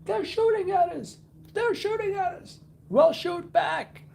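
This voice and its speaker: A frantic soldier under fire, yelling for help in a high, strained voice, as a man acts him out. His words come out slow and drawn out, pushed hard. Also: vocal fry, a little hiss or hum, full character voice. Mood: panicked. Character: panicked male soldier calling for help.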